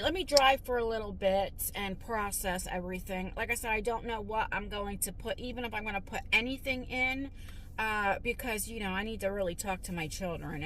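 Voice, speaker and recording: A middle-aged woman talking in a casual vlog from her car, worried and halting, stumbling over her words. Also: mid-range voice, fairly bright tone. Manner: worried, halting, with restarts and stutters. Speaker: vlogger. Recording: noisy car interior.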